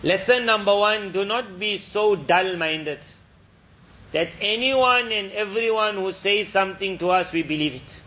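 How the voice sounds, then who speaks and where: A man's voice: high-pitched, unhurried, pushed and bright. A man giving an Islamic lecture, telling a moral story in an earnest, repetitive preaching manner. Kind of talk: storytelling sermon. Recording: dull lo-fi lecture recording.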